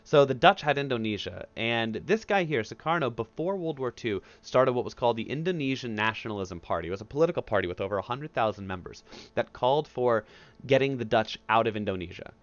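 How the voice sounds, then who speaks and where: Speaking in a mid-range, animated voice, a male history teacher delivers an easygoing recorded lecture through a headset mic, acting out historical figures in quick asides. The audio is dry with no echo, and the highs are cut off.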